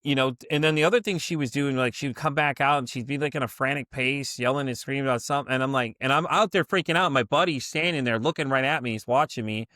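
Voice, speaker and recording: A man hosting a podcast interview, telling a story in a rambling, animated way with many restarts. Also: medium pitch, fast, few pauses, dry recording, studio quality. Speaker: podcast host. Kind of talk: casual interview chat.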